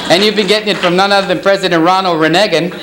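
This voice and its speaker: A man's voice: high-pitched, steady tone, quick pace, heavy background noise, lightly acted. A man impersonating a folksy, self-deprecating older Southern ex-president at a banquet. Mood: wry. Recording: banquet hall with crowd laughter.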